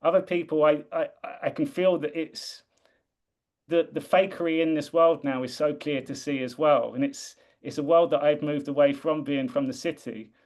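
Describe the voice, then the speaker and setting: A man from the UK with a slightly raised pitch, speaking in an earnest, reflective way. He often circles back and restarts his sentences as he gathers his thoughts. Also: fairly even intonation, normal speed, darkish tone. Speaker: guest. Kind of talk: casual conversation.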